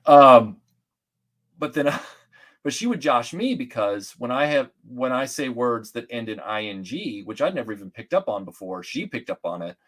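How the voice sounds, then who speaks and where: This guest, a middle-aged Atlanta man, rambles through stories in a casual chat with animated energy, many restarts, and frequent fillers. The voice is mid-range, the pace moderate.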